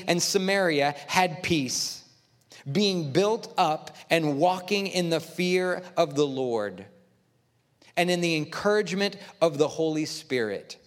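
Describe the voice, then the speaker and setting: A man's voice: high-pitched, big-room sound. A male pastor preaching a sermon, telling stories emphatically and quoting his own words, in a church sanctuary. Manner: emphatic storytelling, quoting himself.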